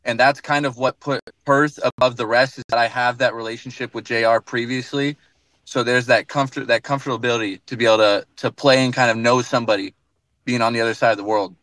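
A man's voice: medium pitch, fairly even intonation, fairly quick, fairly bright tone, no echo. Laid-back young American man, dry sound. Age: young adult. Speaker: guest basketball player. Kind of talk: radio interview from afar. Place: in his car.

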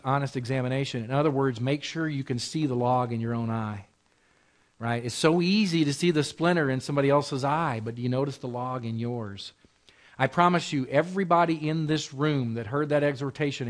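A married man with a medium-pitched voice preaches a little fast as pastor in a Bible class. The sermon feels conversational, with repeated phrases and rhetorical questions throughout.

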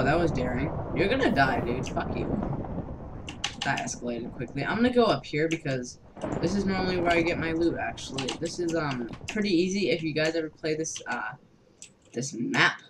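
A man's voice: on the high side, animated, normal speed, very noisy. Rambling sarcastic young man gaming. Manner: rambling, sarcastic, heavy filler words, swears a lot. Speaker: gamer. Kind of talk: casual gameplay commentary.

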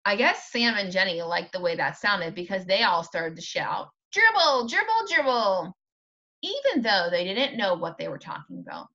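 Woman reading a storybook, lively. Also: lowish voice, normal speed, few pauses. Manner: expressive storytelling. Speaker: teacher. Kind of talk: reading a children's book aloud. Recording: dull lo-fi recording.

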